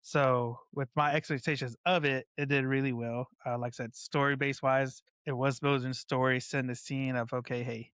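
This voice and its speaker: A man's voice: mid-range voice, little pitch movement, normal speed, hardly any pauses, fairly bright tone, clean tone, no room sound. A man hosting a casual podcast, talking in a laid-back, rambling way with lots of fillers. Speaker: podcast host.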